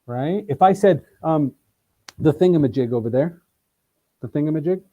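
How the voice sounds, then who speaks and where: Energetic man teaching on a video call. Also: a little high, moderate pace, dull audio. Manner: energetic, emphatic, acts out examples in voices. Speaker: sales trainer. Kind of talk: interview guest, animated teaching.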